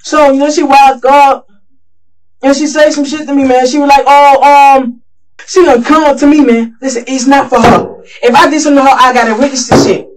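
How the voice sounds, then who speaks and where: A man's voice: very high-pitched, steady tone, fairly quick. A man under police interrogation, rambling and profane, mumbling at times and growing agitated at others. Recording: distant mic with faint noise.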